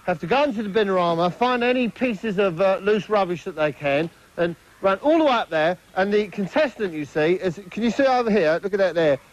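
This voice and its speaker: A man's voice: high voice, expressive, a little fast, hardly any pauses. A man presenting a spoof TV show in a rambling, hesitant, self-promoting way. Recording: dull lo-fi TV audio, faint noise.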